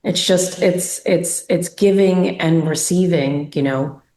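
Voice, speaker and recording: Woman, interviewer, slow unhurried speech, lowish voice, echoey room, admiring questions. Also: mellow. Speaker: interviewer, former student. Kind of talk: casual interview.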